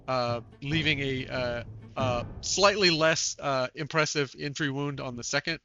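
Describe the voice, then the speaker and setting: Halting male game master over music. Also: medium pitch, bright, forceful tone, highs cut off. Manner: halting, many filler sounds. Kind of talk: narrating a tabletop game.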